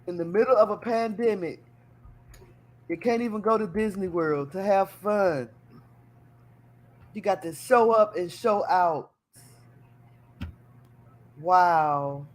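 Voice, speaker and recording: Animated, teasing woman hosting a chat show. She reacts loudly to the news and laughs often between remarks. Her voice sits at a middle pitch. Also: takes it slowly, long pauses. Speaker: talk show host. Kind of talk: casual live-streamed chat show.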